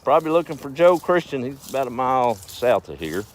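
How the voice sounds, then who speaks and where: Man putting on an old farmer, drawling, dry, higher than his own voice. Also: a little fast, slight background noise, lightly acted. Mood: deadpan. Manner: deadpan, drawling. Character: laconic old male farmer, dry wit.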